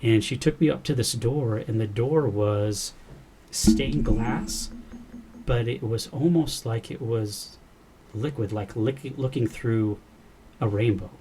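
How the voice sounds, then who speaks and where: A man's voice: mid-range voice, slow, noisy background. A man, a podcast guest, earnestly recounting a personal experience and quoting the dialogue as he goes. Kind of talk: personal storytelling in a podcast interview.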